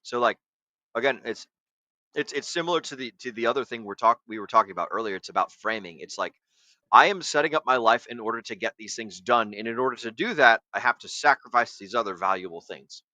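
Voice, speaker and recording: Bright-voiced man lecturing casually. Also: mid-range voice, expressive, quick pace, no echo, rough recording. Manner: lecturing, profane, coaching tone. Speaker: podcast host. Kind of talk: casual livestream chat.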